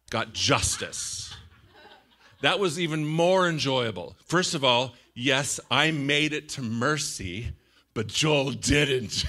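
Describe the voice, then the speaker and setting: Man, middle-aged pastor, sermon, bright ringing voice, animated, bursts into shouts. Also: medium pitch. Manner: animated, shouts out quoted lines, laughs often.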